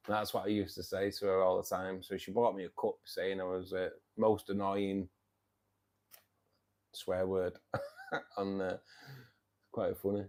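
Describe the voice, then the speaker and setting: A man's voice: mid-range voice, darkish tone. A man, tired and self-mocking, chatting casually and laughing often as host of a live stream. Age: 50s. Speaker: livestream host.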